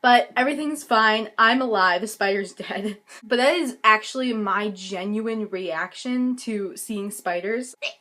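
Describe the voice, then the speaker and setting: A woman's voice: medium pitch, a little slow, sharp tone. A teenage girl chatting casually in her own vlog, giggly and dramatic, filmed on a handheld phone. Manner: giggly, dramatic, talks in bursts. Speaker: vlogger.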